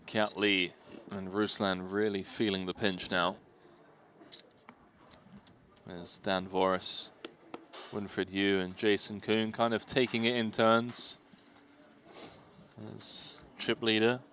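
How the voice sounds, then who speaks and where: A man commentating a live poker tournament in a chatty, amused way, quick to react to what happens at the table. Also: on the low side, flat delivery, pushed and bright.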